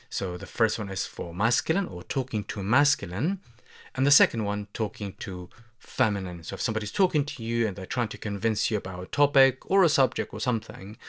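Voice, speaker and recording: Levantine-accented male language tutor, low voice, slow patient repetition drills. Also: a bit bright. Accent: Levantine Arabic. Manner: slow, repeating phrases for practice. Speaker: language teacher. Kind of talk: explaining Arabic phrases.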